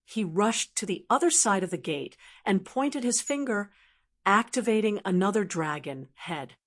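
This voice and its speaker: A woman narrating a fantasy novel audiobook in an even, steady reading. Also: mid-range voice, normal speed.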